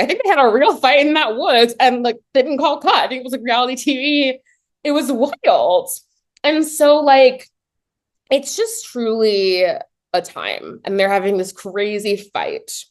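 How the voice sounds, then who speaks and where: A woman giving a casual comedic movie recap, talking in a chatty, animated way with lots of "like" and dry low asides. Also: unhurried. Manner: chatty and animated, heavy use of "like"; swings between excited high pitch and low deadpan asides.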